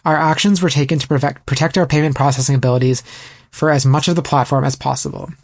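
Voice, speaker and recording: Brief: fast-paced man from Canada, podcast host, breezy news-reading with asides. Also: a little high, fairly even intonation. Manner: brisk, reads quotes aloud with asides. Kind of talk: casual podcast chat.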